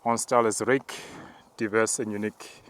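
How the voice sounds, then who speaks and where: Low, flat-voiced man on a hill walk. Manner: calm, measured, breaks into tongues. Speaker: apostle. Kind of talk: narrated spiritual walk. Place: outdoors on a mountain path.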